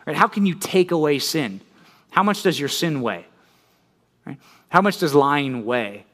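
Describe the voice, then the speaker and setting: Male pastor, higher-set voice, casual sermon delivery, engages listeners with questions. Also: lively intonation, unhurried, fairly bright tone. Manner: conversational, frequent "right?" questions to listeners; storytelling with rising intensity.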